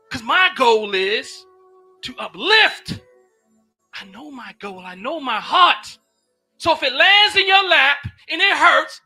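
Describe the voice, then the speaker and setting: A man teaches in an impassioned, sermon-like way, casual and preacherly, swinging from loud shouts to low murmurs and repeating phrases.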